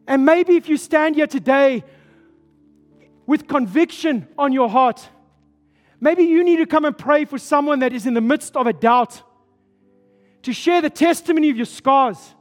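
A passionate man preaches a sermon in a slow, high voice. His words echo through a large church hall. Soft music plays in the background. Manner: passionate, emphatic, slow delivery.

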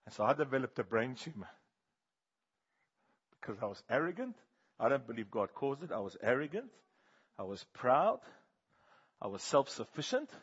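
Husky-voiced male preacher, hushed to loud. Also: medium pitch, sing-song, normal speed, pauses often, lo-fi sound. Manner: questions the congregation, swings between hushed and loud. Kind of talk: sermon.

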